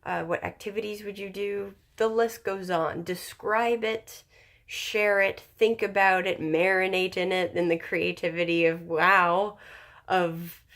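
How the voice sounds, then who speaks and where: Slow, gravelly-voiced woman musing aloud. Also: medium pitch, steady tone, fairly bright tone. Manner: slow and thoughtful, with many ums and pauses. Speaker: channel host sharing personal growth advice. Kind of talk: reflective motivational talk to camera.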